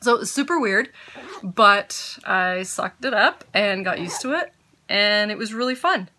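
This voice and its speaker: A woman's voice: mid-range voice, lively intonation, unhurried, bright, forceful tone. A woman hosting a podcast from home, chatting casually and giggling as she gets sidetracked. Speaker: podcast host. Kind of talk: casual chat.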